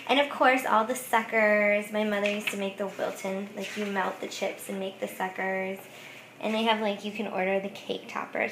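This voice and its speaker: A woman's voice: mid-range voice, background noise. A woman craft vlogger chatting casually about thrift finds, giggling often and saying "like" a lot. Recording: echoey room.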